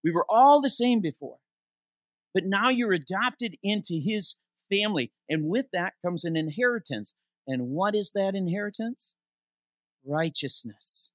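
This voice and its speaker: A man preaching a sermon, his voice pitched a little above the usual for a man. The sound is dry and close, with almost no room echo. He slows down to stress scripture and asks the congregation questions before answering them. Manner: animated preaching, reads scripture aloud with slowed emphasis. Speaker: interim pastor. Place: church sanctuary.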